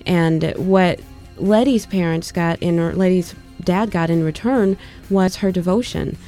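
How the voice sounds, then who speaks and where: Woman storyteller with a warm, fairly low voice; reads expressively. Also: soft background music. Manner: reflective, measured storytelling. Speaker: audiobook narrator.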